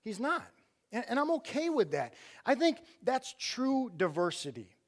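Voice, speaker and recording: Speaking at a measured pace, a middle-aged man with a very high voice and big pitch swings preaches in church. As outreach director, he gives a conversational sermon driven by rhetorical questions, often restarting what he says.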